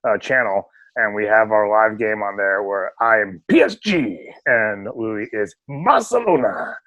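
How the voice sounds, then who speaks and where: A man's voice: on the low side, animated, measured pace, a bit bright, dry recording, lo-fi sound. A man co-hosting a casual remote podcast, bantering and teasing his partner. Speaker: podcast co-host. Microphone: remote call mic.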